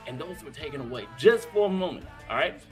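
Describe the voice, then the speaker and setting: A man's voice: on the high side, very animated, fast, soft background music. Hyped man hosting a live show. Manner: hyped, slangy, lots of shout-outs. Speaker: host. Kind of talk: energetic live-stream talk show hosting.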